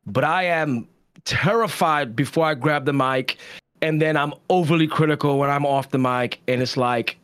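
High-voiced emotional preacher, man. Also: normal speed, clean tone. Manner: emotional, confessional, animated storytelling. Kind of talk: candid podcast conversation.

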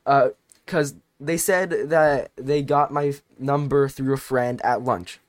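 A teenage man casually telling a long story on a podcast, rambling and animated, with many restarts. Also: medium pitch, slow, dry recording, studio quality. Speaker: podcast co-host.

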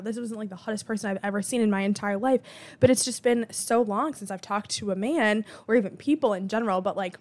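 A young woman in her twenties, chatting casually and with sarcasm as she tells dating stories, full of filler words. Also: mid-range voice. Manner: chatty, animated, with frequent "like" fillers; sarcastic disbelief. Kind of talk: casual storytelling monologue.

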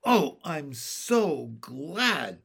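A man's voice: high-pitched, animated, slow pace, voice pushed up, exaggerated voice. Man voicing a caring older sister. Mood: encouraging.

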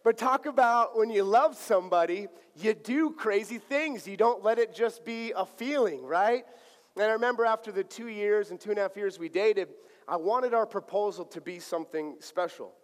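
High-voiced male pastor in an echoing hall. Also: normal speed. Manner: animated, acts out dialogue playfully. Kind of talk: sermon with personal storytelling. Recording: long hall reverb.

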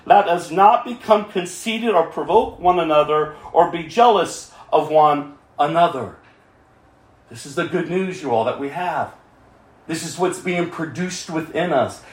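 Pastor, male, high voice, passionate sermon delivery in a roomy hall. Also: measured pace. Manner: impassioned, swinging between cries and quiet pleading.

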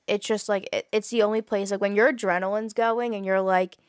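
A woman in her twenties co-hosting a casual podcast chat, talking fast with lots of "like" fillers. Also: mid-range voice, fairly even intonation, clean tone, no room sound, clean studio sound. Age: 20s. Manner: chatty, frequent "like" fillers, laughs while talking. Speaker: podcast co-host.

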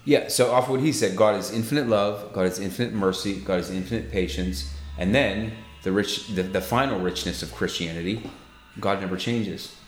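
A man co-hosting a casual faith talk, preaching fervently and then easing into soft reassurance. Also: lowish voice, a little fast, reverberant, soft background music. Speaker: podcast co-host.

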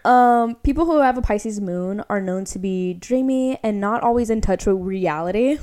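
A woman's voice: mid-range voice, moderate pace, dark tone. A young woman co-hosting a casual podcast, chatting and reading an astrology chart aloud, leaning heavily on "like" between phrases. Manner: chatty, heavy use of "like". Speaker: podcast co-host.

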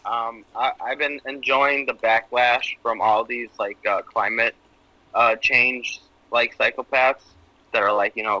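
A man's voice: mid-range voice, fairly even intonation, measured pace, pushed and bright, dry recording, highs cut off. A man on a casual podcast over a video call, reacting with wry, teasing jokes and short quips. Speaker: podcast co-host. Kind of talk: casual chat.

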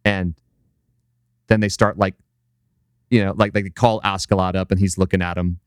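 A podcast co-host with a very deep, smooth, resonant voice, captured dry and close with no room sound, chats casually while retelling a scene. His pitch barely moves, his pace is moderate, and he swears freely and stacks up filler words.

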